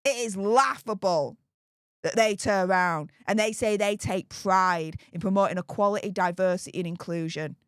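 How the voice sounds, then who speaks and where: A woman's voice: medium pitch, normal speed, smooth, no echo, clean studio sound. A woman from England with a Northern English accent hosting political commentary, talking in a riled-up, sarcastic, emphatic way. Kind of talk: opinionated commentary.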